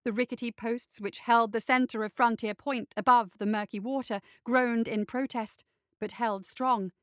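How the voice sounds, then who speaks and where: A woman reads a fantasy story aloud in a steady, even voice. Her tone is bright and crisp, a little high, recorded close and dry with no room sound. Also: normal speed, no room sound. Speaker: narrator. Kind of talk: storybook reading.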